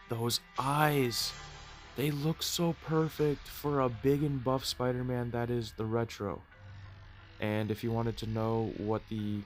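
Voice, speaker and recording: Stuffy-nosed man reviewing toys. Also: mid-range voice. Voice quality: nasal. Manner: chatty, swears casually. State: stuffy nose. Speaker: toy review vlogger. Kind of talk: casual video review.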